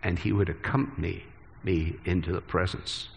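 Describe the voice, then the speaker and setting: A man preaching a sermon earnestly, moving from hushed phrases to emphatic ones. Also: low voice, steady tone, moderate pace, creaky, a little hiss or hum. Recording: long hall reverb.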